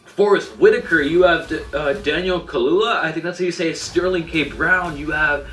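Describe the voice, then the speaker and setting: A man's voice: fairly high pitch, moderate pace, fairly bright tone, distant mic, slight background noise. A young man giving a casual, enthusiastic film review, rambling with lots of fillers and restarts. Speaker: movie reviewer. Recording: roomy, off-mic sound with faint music.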